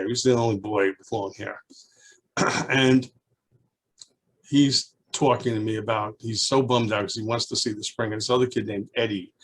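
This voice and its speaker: A man in his seventies reminiscing in an oral history interview, a lively storyteller who rambles with restarts and acts out children's voices. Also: mid-range voice. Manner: rambling with frequent restarts and asides. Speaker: alumnus being interviewed.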